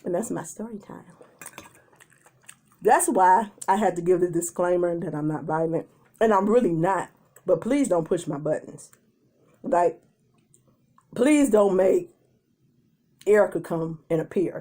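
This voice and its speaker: Animated woman telling a story time. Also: lowish voice, a little slow, pauses often. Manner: animated storytelling, acts out quotes in changing voices. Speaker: mukbang vlogger.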